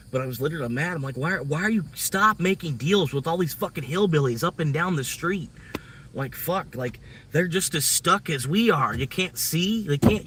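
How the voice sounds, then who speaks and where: A man rants at length in a loose, profane, rambling way, venting frustration. His voice sits a touch higher than most men's. He is picked up from a little distance, with faint outdoor night noise around him. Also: fairly bright tone. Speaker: livestreamer. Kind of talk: casual venting monologue.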